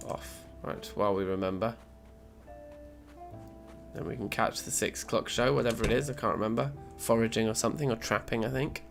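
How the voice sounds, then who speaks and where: A man's voice: medium pitch, steady tone, a little fast, gravelly, faint music behind. A man narrating his game session as a let's play host, chatty and self-mocking, thinking aloud as he plays. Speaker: gaming channel host.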